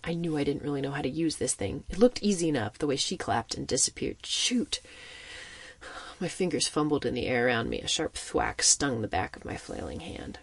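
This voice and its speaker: A man narrating a first-person audiobook story in an expressive, suspenseful manner. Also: medium pitch, a little fast, vocal fry, hardly any pauses, husky, dry recording.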